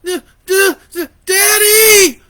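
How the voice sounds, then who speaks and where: A man voicing a terrified little boy who sobs and pleads in a high voice. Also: steady tone, slow pace, bright, forceful tone, raised voice, exaggerated voice. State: sobbing.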